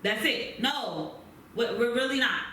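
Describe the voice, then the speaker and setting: A woman's voice: on the high side, expressive, a little slow, pushed and bright, slight background noise. Emphatic woman, echoey far-off room. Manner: emphatic, blunt, repeats points for stress. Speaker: podcast co-host. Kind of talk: casual chat.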